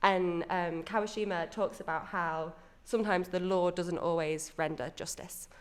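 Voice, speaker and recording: Reviewing a theatre musical she attended, this podcast co-host talks in a chatty, enthusiastic way and keeps correcting herself. She speaks at a normal speed in a lowish voice with fairly even intonation.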